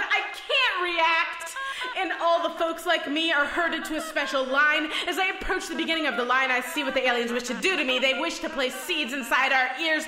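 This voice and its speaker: A woman performing a spoken-word poem, slow and dreamy with hypnotic repetition. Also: high-pitched, music in the background. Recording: heavy reverb, long echoing tail.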